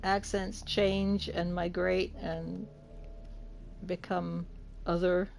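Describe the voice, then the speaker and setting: A woman's voice: fairly low pitch, level tone, extremely slow, vocal fry, darkish tone, slight background noise. A woman from the UK chatting casually with her livestream chat while playing, laughing often. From United Kingdom. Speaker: game streamer.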